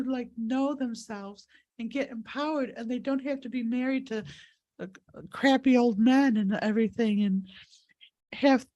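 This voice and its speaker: High-voiced tearful woman healer. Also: warm tone. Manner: emotional, rambling, earnest. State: crying. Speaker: spiritual healer and host. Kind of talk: live-stream healing session. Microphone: video call.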